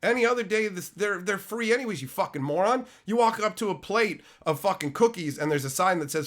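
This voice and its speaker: A middle-aged man live-streaming, who is sick and losing his voice, loudly and profanely mock-insulting his chat. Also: high-pitched, fast talker, hardly any pauses. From Canada. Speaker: card-opening streamer.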